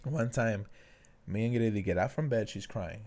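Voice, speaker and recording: A young man co-hosting a podcast in casual chat, telling stories and acting out quotes with sudden high jumps in his voice. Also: normal speed. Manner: animated storyteller, acts out quotes with big pitch jumps. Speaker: podcast co-host.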